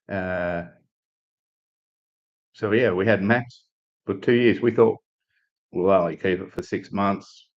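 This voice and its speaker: A man from Australia chatting casually on a live stream, telling a relaxed, rambling story with restarts and fillers. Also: low-pitched, slow pace, long pauses, highs cut off.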